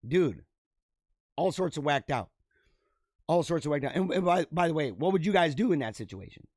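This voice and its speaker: A man's voice: a little high, animated, moderate pace, darkish tone, dry recording, clean studio sound. A man hosting a show, casually reading out odd news stories and riffing on them with lots of laughter, speaking straight to his viewers. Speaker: podcast host.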